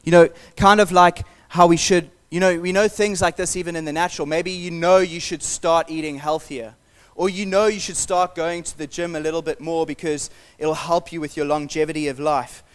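A man delivers a sermon in a relaxed, conversational tone. His voice sits a little higher than most men's. He talks earnestly and encourages his listeners. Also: normal speed, smooth. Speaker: pastor.

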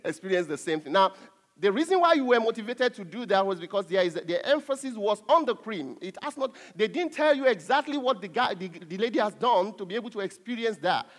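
A middle-aged man preaching a sermon, emphatic and earnest, with soft asides and chuckles. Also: sits high.

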